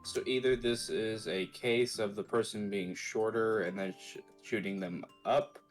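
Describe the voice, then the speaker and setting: A man's voice: on the low side, steady tone, measured pace, faint music behind. A man chatting casually on a game stream, wry and laughing, swearing casually. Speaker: co-player on stream. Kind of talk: casual chat.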